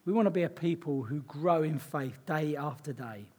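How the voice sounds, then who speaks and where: A man preaching a sermon in an earnest, conversational way, his voice hoarse and croaky. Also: fairly high pitch, moderate pace, darkish tone. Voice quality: husky, croaky.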